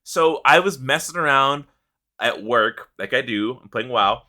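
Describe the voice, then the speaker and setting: A man co-hosting a casual gaming podcast, telling an animated story with plenty of swearing and laughter. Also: mid-range voice, a little slow. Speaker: podcast co-host.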